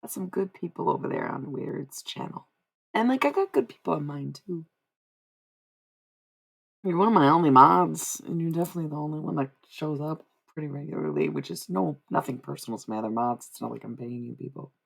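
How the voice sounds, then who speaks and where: A woman's voice: low voice, brisk, gravelly, breathy edge. A young woman livestreaming, chatting casually and giving psychic readings, rambling and repeating herself with frequent laughs. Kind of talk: casual live-stream chat.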